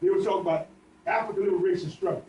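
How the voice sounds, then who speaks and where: A high-pitched, fast-talking older man speaks on a community panel, hammering his points with repeated phrases. He is picked up from across an echoey room, with a faint hiss underneath. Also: steady tone, warm tone, lo-fi sound. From New Orleans. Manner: impassioned, repetitive emphatic phrasing. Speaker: panel speaker, veteran activist. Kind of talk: panel discussion. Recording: echoey room, distant mic, faint noise.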